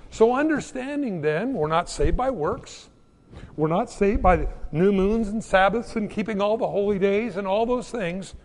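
A middle-aged man preaching a sermon as pastor, telling stories with lively restarts. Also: high-pitched. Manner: animated storytelling with repeated restarts. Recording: long hall reverb.

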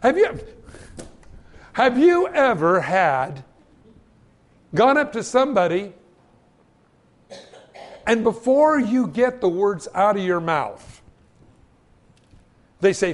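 Lively, animated male preacher. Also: very high-pitched, a little slow, pauses often. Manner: animated storytelling, acting out voices in quotes. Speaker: pastor. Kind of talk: sermon.

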